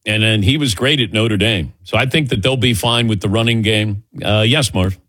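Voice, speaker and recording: A man hosting a sports talk radio show, taking callers in a relaxed, joking, conversational way. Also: on the low side. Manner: relaxed, conversational, quick to joke. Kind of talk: casual sports radio chat.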